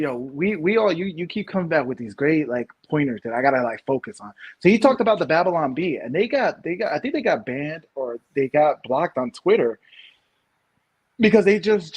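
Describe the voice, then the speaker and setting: A New York man in his thirties co-hosts a casual podcast, chatting about his opinions. His somewhat husky voice sits slightly high, and he rambles through restart after restart before pushing out his main points.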